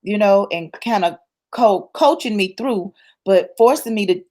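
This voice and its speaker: In an interview, a woman guest with a mid-range, dark-toned voice unhurriedly shares her personal testimony. She speaks colloquially with a church-rooted flavor, repeating and emphasizing as she builds up her points.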